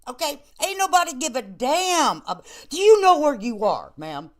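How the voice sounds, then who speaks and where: A woman with a high-pitched, sing-song voice hosts a casual live-stream commentary at normal speed. She comes across as sassy and blunt, teasing and playfully scolding.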